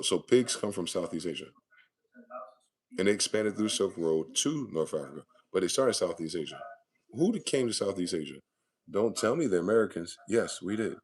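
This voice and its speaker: A man's voice: low-pitched, darkish tone. A man hosting a profane, aggressive monologue, hectoring his listeners with rhetorical questions. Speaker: channel host. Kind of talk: ranting monologue.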